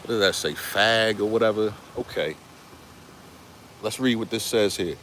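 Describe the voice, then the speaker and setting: A man's voice: on the low side, moderate pace, a bit bright, a little hiss or hum. Blunt, profane man vlogging outdoors. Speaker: content creator. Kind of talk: casual vlog commentary while walking. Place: outdoors in a cemetery.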